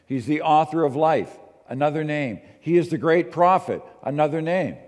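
A man preaching a sermon as pastor, moving between quiet asides and emphatic, slowed readings of scripture. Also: fairly high pitch, long reverb tail.

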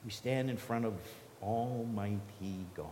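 Slow-talking preacher in an echoey hall. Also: male voice, fairly low pitch, dark tone, slight background noise. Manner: earnest, conversational, with restarts and repeated questions. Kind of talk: sermon.

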